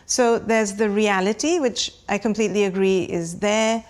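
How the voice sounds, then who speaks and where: Calm female researcher explaining. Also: mid-range voice, normal speed. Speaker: academic researcher. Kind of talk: interview.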